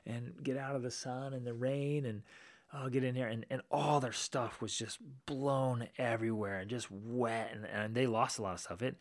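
A man's voice: mid-range voice, normal speed, no echo. A man hosting a podcast, telling a personal story in a casual way and acting out the voices of the people in it. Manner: animated, acts out quoted people. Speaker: podcast host.

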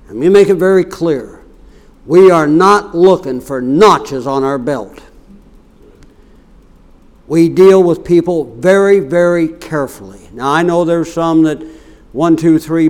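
A middle-aged man preaching a sermon, telling stories and swinging from quiet asides to loud, raised passages. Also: on the high side.

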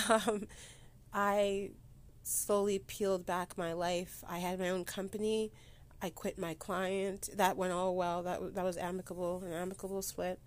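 A woman hosting a personal solo podcast, holding back tears and talking haltingly, with many restarts and pauses. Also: on the low side, level tone. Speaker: podcast host. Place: sitting against a board indoors.

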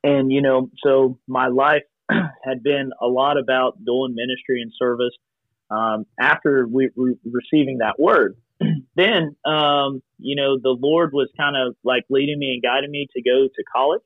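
A man's voice: medium pitch, fairly even intonation, unhurried, no room sound. A man in his thirties telling his story casually over a video call, rambling with many fillers. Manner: rambling, many fillers, acts out quoted voices. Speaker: podcast guest. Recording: tinny lo-fi call line, dry.

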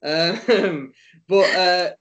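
A man's voice: high voice, very slow, fairly bright tone. A man co-hosting a podcast in casual chat over a Skype call. He jokes, teases and laughs often. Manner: joking, teasing, laughs often. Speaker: podcast co-host.

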